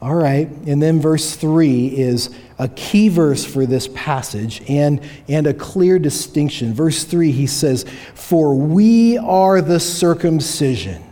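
Earnest preaching man, mellow voice. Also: a little high, takes it slowly, hardly any pauses. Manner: earnest, emphatic, repeats key phrases. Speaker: pastor. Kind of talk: sermon. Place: church sanctuary.

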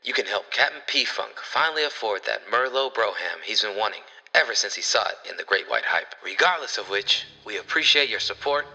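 A man's voice: lowish voice, animated, a little fast, hardly any pauses, sharp tone, slightly rough, in a large hall, low-quality recording. A man hosting a podcast who reads a playful, tongue-in-cheek promo in a mock-sultry voice. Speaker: podcast host reading promo.

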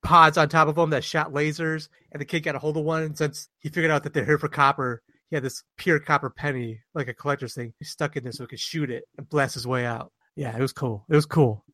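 A man's voice: on the high side, level tone, quick pace, hardly any pauses, sharp tone, dry recording. A man co-hosting a casual podcast chat, rambling and laughing, swearing casually. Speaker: podcast co-host.

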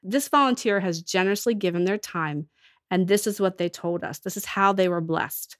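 A woman's voice: medium pitch, moderate pace, dry recording, studio quality. A woman with a cold, telling earnest stories as a ministry leader in a casual podcast chat. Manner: earnest storytelling with restarts. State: has a cold.

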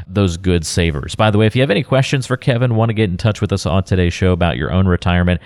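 A man hosting a radio talk show, moving from smooth scripted lead-ins to light jokey asides. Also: sits low, lively intonation, fast talker, darkish tone.

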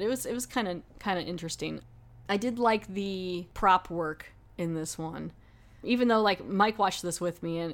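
A woman hosting a podcast, casually reviewing a horror film in a rambling, chatty way. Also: mid-range voice. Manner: rambling, chatty, lots of "like" fillers. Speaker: podcast host.

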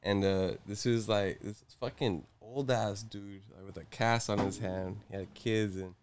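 A young man telling a story in casual chat, acting out the voices of the people in it, swearing freely and breaking into loud bursts. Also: fairly low pitch, fairly even intonation, unhurried, background noise.

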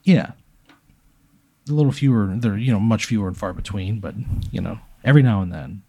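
A man's voice: on the low side, a little fast, dark tone, slightly rough, no echo. A man in casual podcast chat, telling an absurd hypothetical story in a rambling way, full of filler words and bits of laughter.

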